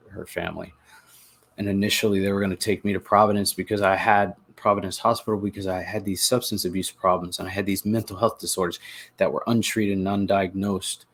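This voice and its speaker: Man, podcast host, husky gravelly voice, earnest halting confessional delivery. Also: low-pitched, fairly even intonation. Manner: earnest, halting, with repeated words and restarts. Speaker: podcast host telling his recovery story. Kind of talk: confessional personal narration.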